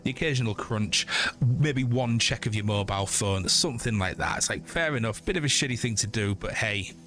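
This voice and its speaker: Man, forties, sweary animated rant, low voice, faint music behind. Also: brisk. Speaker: streamer. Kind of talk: casual rant while gaming.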